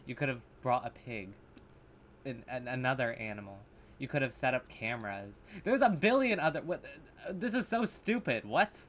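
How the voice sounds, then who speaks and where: A man's voice: medium pitch, expressive, normal speed, a bit bright, a little hiss or hum. A man casually reacting to horror short films, blunt and sarcastic, swearing freely and restarting his sentences. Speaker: reaction video host.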